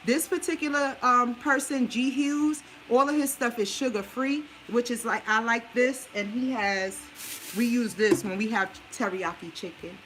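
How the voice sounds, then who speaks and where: A woman's voice: on the high side, measured pace, fairly bright tone, slight background noise. A woman with a New Orleans accent showing a meal plan in a home kitchen, talking straight to her viewers in a sassy, preachy way. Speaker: vlogger sharing a meal plan. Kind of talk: casual cooking demo and advice.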